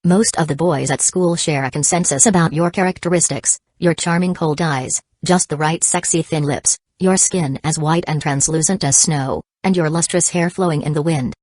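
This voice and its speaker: Assured teasing schoolboy from a storybook, smooth and even, a woman reading him, low voice, dry sound. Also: normal speed, few pauses, dry recording. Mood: calm teasing. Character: calm, confident teenage boy, teasing.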